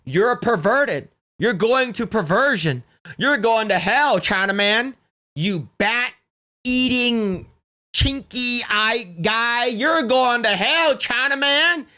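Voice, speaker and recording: A man voicing a preachy, mocking woman from a live chat who shouts insults. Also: extremely high pitch, animated, slow, pitched above the performer's own voice, heavily acted. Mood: scolding. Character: shrill scolding woman from the chat.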